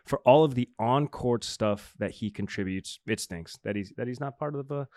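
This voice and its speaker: A man co-hosting a casual sports talk show, animated and laughing, given to mocking impressions. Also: medium pitch, moderate pace, dry recording, studio quality. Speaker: co-host.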